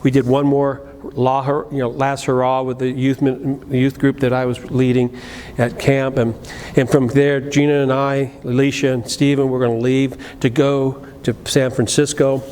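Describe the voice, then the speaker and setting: A middle-aged man preaching a sermon, telling a personal story, moving between loud emphatic lines and low quiet asides, with frequent restarts. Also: little pitch movement, moderate pace. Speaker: pastor. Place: church sanctuary. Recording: live church recording with long reverb and faint room noise.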